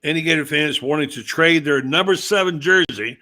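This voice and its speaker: A man's voice: on the high side, a little fast, bright, forceful tone. A man hosting a casual sports talk podcast, rambling in a conversational, storytelling way. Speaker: podcast host.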